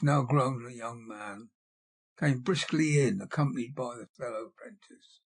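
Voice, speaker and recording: A man narrating an audiobook in a measured, expressive storytelling manner. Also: mid-range voice, creaky, husky.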